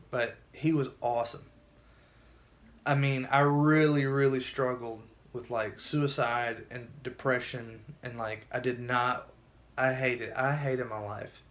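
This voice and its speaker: A man's voice: mid-range voice, fairly bright tone. A man telling his own story in a casual vlog, earnest and emotional, often restarting his sentences.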